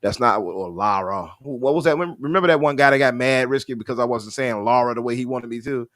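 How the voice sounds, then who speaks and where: A man co-hosting a gaming podcast, talking in a casual, animated way with restarts. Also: mid-range voice, fairly quick, no room sound, studio quality. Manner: animated, laughing, trails off and restarts. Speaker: podcast co-host. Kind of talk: casual chat.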